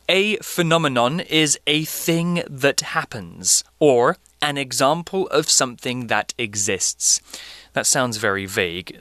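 A man with a British accent, explaining English words and example sentences clearly as a lesson co-host, with an occasional light joke. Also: mid-range voice, pushed and bright, no echo. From Britain.

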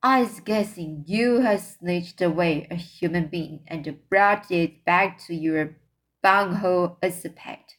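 Woman reading aloud as a big bullying storybook giant, slow delivery. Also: fairly low pitch. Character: huge brutish male giant, bullying and loud.

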